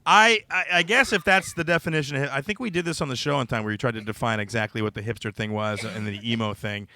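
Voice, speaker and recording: A man's voice: mid-range voice, fast, bright, forceful tone, no room sound. A male podcast host chatting casually, rambling and using lots of filler words. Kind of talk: casual comedic chat.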